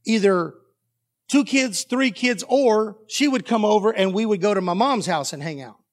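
A man's voice: high voice, normal speed. A man preaching a sermon as pastor, telling a story animatedly and acting out the dialogue.

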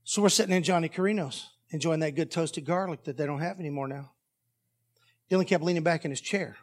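Male pastor, high-pitched, delivers a lively story-driven sermon. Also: a little fast. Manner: animated storytelling that acts out dialogue.

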